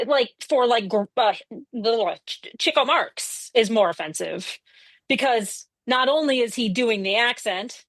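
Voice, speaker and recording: Animated woman podcast co-host, dry sound. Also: on the high side, dry recording. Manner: animated, swears freely, acts out characters' lines. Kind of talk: casual podcast chat recapping a TV episode.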